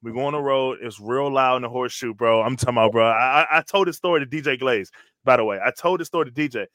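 A man hosting a casual sports talk show who tells animated stories in slangy speech and keeps saying "bro". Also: medium pitch, fast talker, no echo, clean studio sound. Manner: animated storytelling, slangy, says "bro" constantly. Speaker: podcast host, former college lineman. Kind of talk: casual chat.

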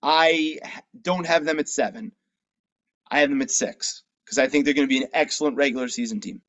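A man co-hosting a casual sports talk show, animated and quick to push back with pointed questions. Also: mid-range voice. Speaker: podcast co-host.

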